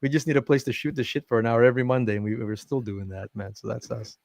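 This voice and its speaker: Male podcast host, relaxed rambling chatter, raspy edge, dry studio sound. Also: mid-range voice, quick pace, dry recording. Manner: laid-back, rambling, lots of "man". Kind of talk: casual chat. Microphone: desk podcast mic.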